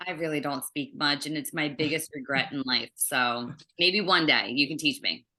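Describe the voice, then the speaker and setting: A woman from Maryland in an interview, telling family stories in a casual, animated way. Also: low-pitched, moderate pace. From Maryland, USA. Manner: animated storyteller, acts out family voices. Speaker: interview guest.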